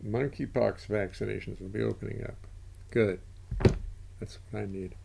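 A man's voice: fairly low pitch, fairly even intonation, normal speed, creaky, noisy background. An older man hosting a livestream in casual chat, rambling and interrupting himself as he goes. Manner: rambling, self-interrupting, chatty. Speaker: livestream host.

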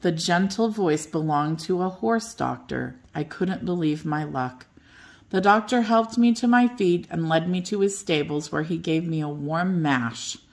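An older woman reading a children's bedtime story aloud in a gentle, expressive way. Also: on the low side, unhurried.

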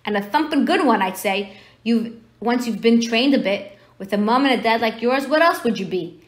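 A woman reading aloud and voicing a huge, gruff, jolly man with a rough rustic dialect and a quick temper, raised in pitch. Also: lively intonation, lightly acted. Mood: hearty.

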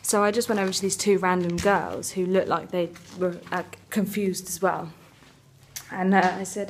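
A woman's voice: lowish voice, flat delivery, moderate pace, slight background noise. A young woman in her twenties, chatting casually to camera in a rambling travel vlog, with lots of fillers. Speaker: vlogger.

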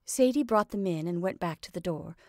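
A woman's voice: lowish voice, animated, brisk, a little mellow, no room sound. Woman reading a story, dry sound.

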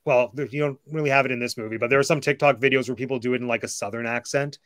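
A man's voice: medium pitch, fairly even intonation, rapid-fire, a bit bright, dry recording. A man hosting a casual discussion, talking enthusiastically and gushing with frequent fillers. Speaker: host.

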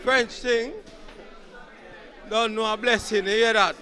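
A man with a Jamaican accent, a partygoer giving blessings and shout-outs in patois. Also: sits high, fairly even intonation, slow, some chatter behind.

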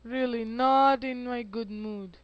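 A man giving casual gameplay commentary, excitable and talking to himself as he plays. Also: very high voice, slow, clean tone, dull audio. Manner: excitable, yelps and talks to himself while playing. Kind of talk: casual let's-play commentary.

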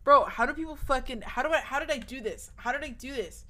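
Bright-voiced nervous young woman streamer. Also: high-pitched, a little fast, few pauses. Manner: rambling, restarts often, swears. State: nervous, voice cracking. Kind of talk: casual chat with live viewers.

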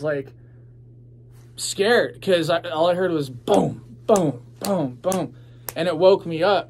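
A man's voice: fairly high pitch, slight background noise. A young man telling his own story in a casual, rambling, profane way, full of fillers.

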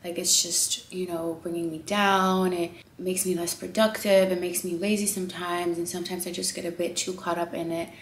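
A woman in her twenties from the Netherlands, chatting candidly in a vlog from a hotel room. She swings between loud exclamations and hushed asides. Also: fairly low pitch, level tone, normal speed, few pauses, reverberant, a little hiss or hum. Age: 20s. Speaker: vlogger. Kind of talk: casual candid vlog chat. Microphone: handheld vlog camera.

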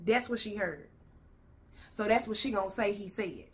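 A woman's voice: medium pitch, moderate pace. A woman host ranting bluntly and profanely as she reacts to a video.

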